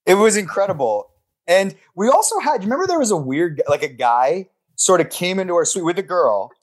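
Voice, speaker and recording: A man's voice: sits high, big pitch swings, fairly quick. A man from Canada, co-hosting a podcast, chatting in a wry, casual way. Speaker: podcast co-host. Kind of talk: casual storytelling chat.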